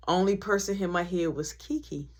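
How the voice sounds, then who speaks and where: A woman's voice: mid-range voice, a little hiss or hum. A woman telling a story from her past in a casual vlog, acting out the people in it. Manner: animated, acts out every voice.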